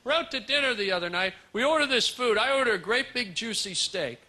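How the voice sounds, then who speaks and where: High-voiced man doing stand-up. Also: brisk. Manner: animated, teasing the crowd, loud outbursts. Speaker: stand-up comedian. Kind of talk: stand-up comedy set. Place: comedy club stage. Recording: live club recording, audience laughter and noise.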